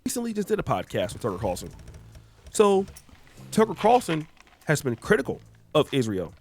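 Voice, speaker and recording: A man's voice: fairly high pitch, wildly swooping pitch, normal speed, darkish tone. A man hosting reaction commentary, explaining clips in a conversational way. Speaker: commentary host. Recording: faint background music.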